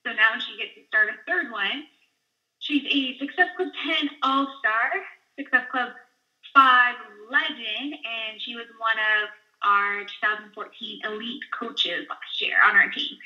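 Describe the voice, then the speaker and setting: A woman with a very bright, forceful voice hosts a team webinar, gushing and upbeat as she introduces her guest. Her pitch sits a little high, and the audio is dull and lo-fi. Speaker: webinar host, team leader. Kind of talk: enthusiastic casual webinar talk.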